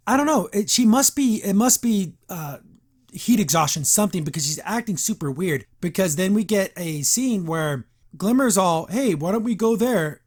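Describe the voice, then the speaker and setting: A podcast host giving a casual recap and review of a cartoon episode. The host rambles, uses lots of fillers and sounds wry and incredulous. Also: mid-range voice.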